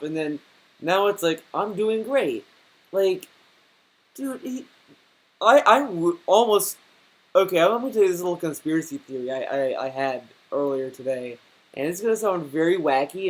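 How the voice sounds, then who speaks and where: A man's voice: on the high side, poor audio. Stammering man ranting in commentary. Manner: stammering, repeats words, swears. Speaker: YouTube commentator.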